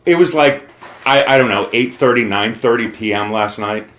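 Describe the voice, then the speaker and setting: An American man making an angry complaint call over the phone, emphatic and pausing to choose his words. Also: mid-range voice, a bit bright, a little hiss or hum. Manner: indignant, emphatic, pauses to pick words. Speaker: caller reporting to corporate. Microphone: phone call recording.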